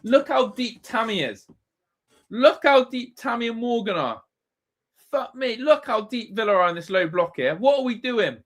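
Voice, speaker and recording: A man's voice: extremely high pitch, big pitch swings, normal speed. A man hosting a live football watch-along, ranting and swearing in exasperation at his team. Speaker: fan channel host.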